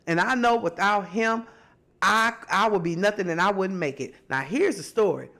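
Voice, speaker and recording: A woman's voice: medium pitch, normal speed. A woman hosting her own podcast, reacting to clips in a casual, preachy way, a little stuffy from allergies. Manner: animated, preachy, sings a phrase, mimics voices. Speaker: podcast host. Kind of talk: casual commentary.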